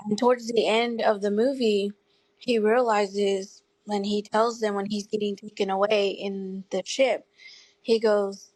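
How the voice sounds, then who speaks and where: A woman in her thirties telling her story as an interview guest, earnest and tearful at times, with soft laughs. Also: medium pitch, level tone, measured pace, dry recording, rough recording. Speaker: guest parent advocate. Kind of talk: emotional personal storytelling.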